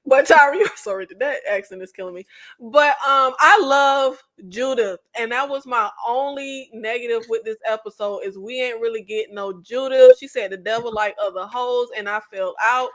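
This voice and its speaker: A woman's voice: a little high, moderate pace, fairly bright tone. A woman guest on a live video-call panel, emphatic and slangy, laughing as she talks. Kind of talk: live recap chat.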